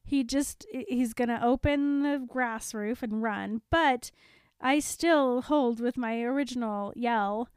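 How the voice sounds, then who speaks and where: A woman's voice: on the high side, takes it slowly, clear, resonant tone, no room sound, studio quality. A woman co-hosting a casual chat, making wry, joking asides.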